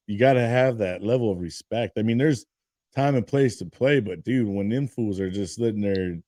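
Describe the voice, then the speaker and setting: A man's voice: fairly low pitch, normal speed, dark tone, no room sound, clean studio sound. A man hosting a casual podcast interview, talking in a laid-back, slangy way with "bro" and "dude". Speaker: podcast host.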